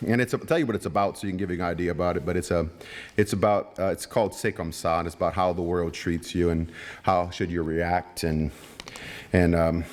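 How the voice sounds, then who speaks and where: Cajun guy on a festival stage, reading his book slow and rhythmic then chatting, lowish voice. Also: fairly even intonation. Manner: measured, rhythmic recitation. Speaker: author reading his work. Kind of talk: poetic reading and casual stage talk. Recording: long hall reverb.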